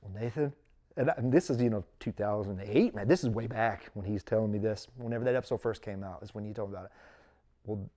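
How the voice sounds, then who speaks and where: Man, interview host, animated storyteller, acts out voices. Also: lowish voice, fast. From East Tennessee. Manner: lively storyteller who acts out quoted voices. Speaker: podcast host, former bishop. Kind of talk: casual in-person interview.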